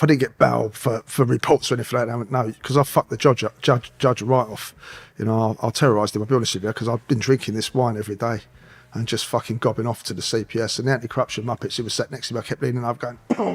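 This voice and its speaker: Gravelly-voiced man, swearing storyteller. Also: mid-range voice. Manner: swearing, rambling, streetwise anecdotes. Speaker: guest, former police officer. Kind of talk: storytelling interview.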